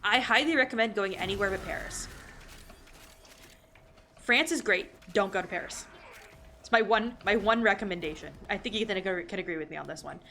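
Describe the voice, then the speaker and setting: A woman's voice: mid-range voice, brisk, long pauses, sharp tone, slight background noise. A woman streaming a game and chatting casually, swearing freely and running off on tangents. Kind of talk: casual live-stream gaming chat.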